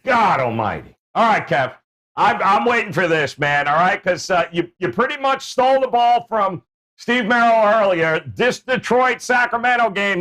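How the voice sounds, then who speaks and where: A man's voice: sits high, bright, forceful tone. A man hosting a sports betting show, joking and hyping up his panel with playful banter. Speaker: host.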